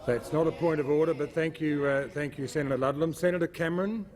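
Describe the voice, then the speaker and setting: A man presiding over a parliamentary debate, formal and brisk as he calls speakers and order. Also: a little high, crowd noise. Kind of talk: formal procedural chairing. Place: large debating chamber. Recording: echoey chamber reverb.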